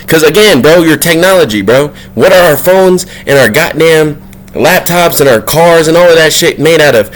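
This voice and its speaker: A man talking casually to camera in a spiritual vlog, slangy and profane, his voice jumping up high whenever he gets worked up. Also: moderate pace. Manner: excitable, slangy and profane, voice leaping up when worked up. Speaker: vlog host.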